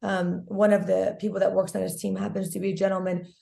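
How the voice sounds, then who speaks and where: Speaking fast in a mid-range voice, a woman guest activist is excited, effusive, and full of talk in a casual interview on a video call. She sounds hoarse and gravelly from screaming at a protest, and the room echoes.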